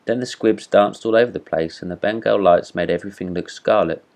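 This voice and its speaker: A man reading a classic fairy tale aloud as a storyteller, in steady read-aloud narration. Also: deep voice, brisk, vocal fry.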